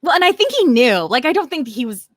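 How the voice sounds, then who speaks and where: A woman in her thirties co-hosting a casual nostalgic chat, telling an animated story full of fillers and acted-out quotes. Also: sits high, quick pace, no room sound. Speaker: podcast co-host.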